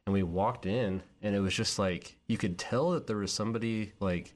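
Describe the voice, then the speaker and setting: A man's voice: fairly low pitch, normal speed. A man in casual chat, telling a concert story with lots of fillers. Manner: storytelling, animated, filler-heavy.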